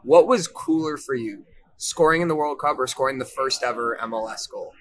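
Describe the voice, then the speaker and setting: A man hosting a casual interview, upbeat and quick to affirm what his guest says. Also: medium pitch, fairly bright tone. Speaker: podcast host.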